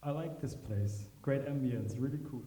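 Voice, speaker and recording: A man voicing a goofy, self-praising young doctor on a date, with a slow, jokey delivery. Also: mid-range voice, heavy background noise, lightly acted. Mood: smug. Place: lecture room at an art school. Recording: distant, echoey, muffled room sound.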